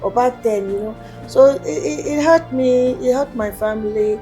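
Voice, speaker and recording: A woman's voice: a little high, moderate pace, dark tone, faint music behind. A woman singer, a guest in an interview, telling her story with animation and acting out other people's voices when she quotes them.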